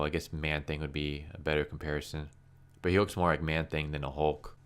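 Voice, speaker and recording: Low, smooth-voiced sarcastic man. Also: a bit bright. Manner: sarcastic, exasperated. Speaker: comic book reviewer. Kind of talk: casual commentary.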